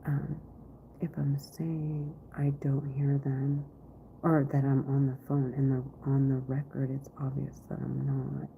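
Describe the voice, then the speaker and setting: A woman vlogging from her office in a rambling monologue, often half-whispered and halting, with many restarts. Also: rumbling low, completely flat delivery, vocal fry. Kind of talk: rambling live-stream monologue. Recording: tinny phone-like recording, faint noise.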